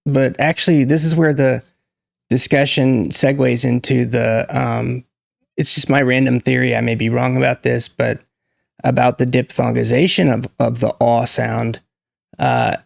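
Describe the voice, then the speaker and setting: A man's voice: medium pitch, gravelly, no room sound, studio quality. A man, talking to camera about pronunciation in an opinionated, emphatic way and demonstrating sounds. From United States. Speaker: YouTube language commentator. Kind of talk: casual to-camera talk on pronunciation.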